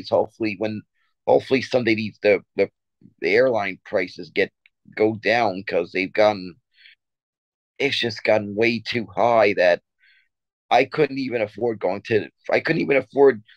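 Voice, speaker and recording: A man's voice: lowish voice, moderate pace, no echo, muffled recording. A man co-hosting a casual sports podcast, telling a story in a rambling way with many restarts and stammers. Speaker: podcast co-host.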